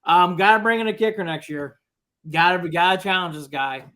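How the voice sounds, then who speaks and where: A man's voice: high voice, a little fast, pushed and bright. A man co-hosting a sports talk show, laying out his points with emphasis. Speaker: co-host.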